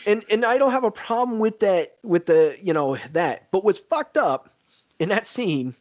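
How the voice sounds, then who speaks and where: A man co-hosting a casual film podcast, talking in an animated way, swearing and laughing often. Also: high voice, normal speed. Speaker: podcast co-host. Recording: slightly dull lo-fi audio.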